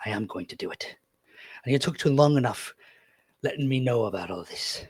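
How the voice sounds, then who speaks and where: A man voicing a gruff male ship captain who barks blunt orders in a tabletop game. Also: medium pitch, animated, brisk, dry recording. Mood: grumbling.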